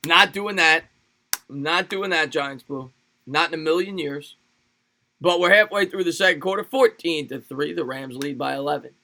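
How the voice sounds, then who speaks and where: A young man calls a game play by play for his livestream, and his voice sits high and bright. He keeps it loose and jokey. Between plays he answers his chat. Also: normal speed. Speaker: livestream sports host. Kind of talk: live play-by-play and chat reaction.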